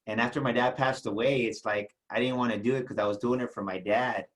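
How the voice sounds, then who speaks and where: A middle-aged man from South Texas, an entrepreneur guest telling a personal story in an interview, halting and repeating words as emotion rises. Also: mid-range voice, fairly even intonation, rough recording.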